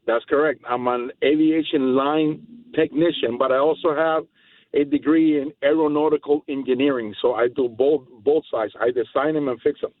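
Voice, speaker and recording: A man's voice: mid-range voice, fairly even intonation, normal speed, no room sound. A man calling in to a talk radio show, making his points in an emphatic, rambling way. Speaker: caller. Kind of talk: casual phone-in chat. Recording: tinny phone line.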